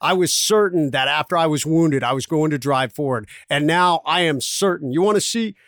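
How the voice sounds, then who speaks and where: A man's voice: a little high, moderate pace, fairly bright tone, dry recording, clean studio sound. A man hosting a podcast, speaking in an intense, emphatic motivational style. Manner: intense, emphatic pep-talk delivery. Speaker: podcast host, former Navy SEAL.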